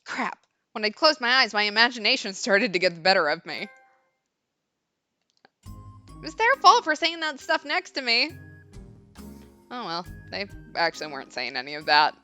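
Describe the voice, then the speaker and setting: A woman's voice: mid-range voice, very animated, moderate pace, long pauses, bright, forceful tone, faint music behind, pitched above the performer's own voice. A woman reading the lines of a nervous, bashful teenage boy, stammering as she reads. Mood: flustered.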